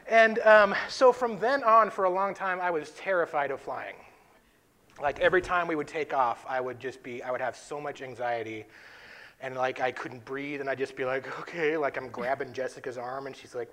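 A man from North Dakota co-hosting a faith-based talk, telling a story with lively voice play and frequent laughs. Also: on the high side. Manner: animated storyteller, laughs often. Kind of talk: faith-based podcast chat.

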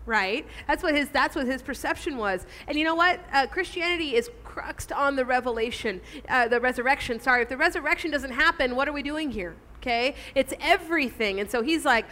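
A woman with a high, bright voice preaches to her congregation. She is earnest and emphatic and asks her listeners direct questions. The sermon is delivered in a church. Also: fairly quick. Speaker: pastor.

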